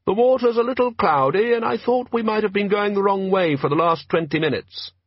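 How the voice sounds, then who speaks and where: A man voicing a polite undersea machine with a tinny, very high voice. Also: brisk, no room sound, soft background music.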